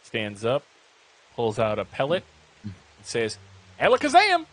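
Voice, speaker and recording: Relaxed male game master. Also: fairly low pitch, slow pace. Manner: relaxed, with fillers. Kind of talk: narrating a tabletop game.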